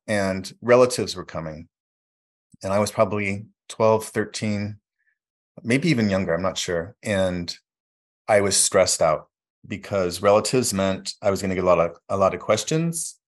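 Low-voiced man recounting his past. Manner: reflective, halting with fillers, acts out quoted voices. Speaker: guest telling his life story. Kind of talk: personal storytelling.

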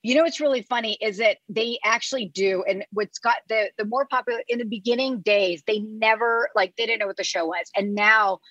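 A woman with a fairly high voice chats as a podcast guest. She tells stories in a lively, animated way, packed with filler words and the odd curse. Her voice sounds dry and close. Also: a little fast, few pauses, no room sound, muffled recording. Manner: animated storyteller, lots of "like" fillers, swears freely. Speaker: reality TV show producer, podcast guest. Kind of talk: casual chat.

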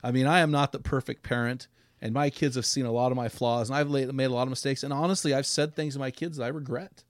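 A man's voice: medium pitch, fairly even intonation, fast talker, no echo, clean studio sound. Earnest middle-aged man hosting a podcast. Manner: earnest, heartfelt, preacherly. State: choked up. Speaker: podcast host. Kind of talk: casual men's podcast talk.

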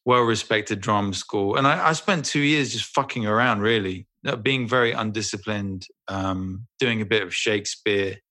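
Male guest, lower register with a bright edge. Loose, profane, self-mocking storyteller. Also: moderate pace, few pauses. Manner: animated, swears freely, self-deprecating. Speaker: voice actor guest. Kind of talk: casual anecdote telling.

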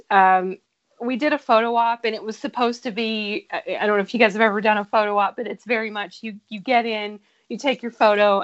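A woman guest in casual conversation, recounting a story in an animated way with laughter. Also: mid-range voice, highs cut off. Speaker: podcast guest. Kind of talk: casual chat.

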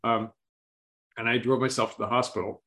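A man telling a story as an interview guest, speaking slowly and calmly and clearing his throat often. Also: mid-range voice.

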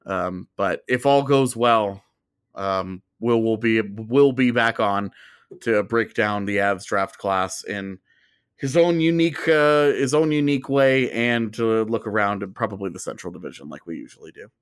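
A man's voice: fairly low pitch, clean tone, no echo. Podcast co-host, male, loose rambling delivery, dry studio sound. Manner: rambling, self-interrupting, quick laughs. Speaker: podcast co-host, hockey reporter. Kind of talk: casual sports chat.

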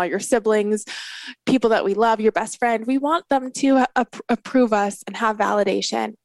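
A woman's voice: mid-range voice, no echo. A woman in her thirties giving a candid, earnest motivational talk as a business coach. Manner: candid and earnest, with bursts of laughter and animated quoted reactions.

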